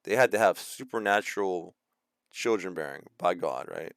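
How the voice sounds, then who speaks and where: Rambling man with a smooth, dry voice. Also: sits low, lively intonation, normal speed, fairly bright tone, no echo. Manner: rambling, with many fillers and restarts; acts out quoted voices mockingly. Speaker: video host. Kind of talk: casual ranting monologue.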